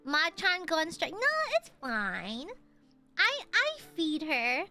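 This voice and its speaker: A young woman with a very high, bright, sharp voice chats playfully with her stream audience. She giggles often and reads the chat aloud in a casual, teasing way. Music plays faintly behind her. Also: very animated, slow pace.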